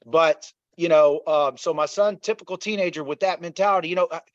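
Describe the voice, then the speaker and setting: A man's voice: fairly high pitch, a little fast, dry recording. A middle-aged man telling a painful family story as an interview guest, earnest and repetitive, often talking straight to the listeners. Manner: earnest, repeats himself, addresses listeners as y'all. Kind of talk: emotional personal storytelling. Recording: dull, slightly lo-fi dry sound.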